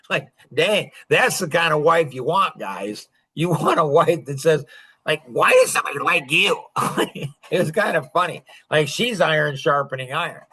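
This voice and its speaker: Male podcast host, slightly high pitch, loose rambling delivery with frequent chuckles. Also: expressive, unhurried, pushed and bright, slightly rough. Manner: rambling, chuckling, heavy use of "like". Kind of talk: casual podcast chat.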